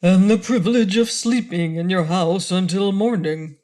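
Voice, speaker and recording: A woman's voice: fairly low pitch, moderate pace, dark tone, natural voice. A large talking frog from a children's storybook, a courteous male who asks for things formally and projects his voice, as a woman reader puts him on. He speaks slightly raised and polite, with a storybook fairness. The sound is close and plain.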